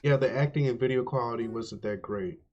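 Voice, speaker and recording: A man's voice: mid-range voice, fairly quick, a little mellow, lo-fi sound. A man hosting a gaming channel, giving chatty, opinionated, emphatic let's play commentary.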